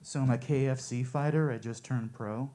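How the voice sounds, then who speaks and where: A man performing stand-up one-liners at a coffee shop open mic, with a deadpan, offhand delivery. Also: medium pitch, moderate pace, background noise.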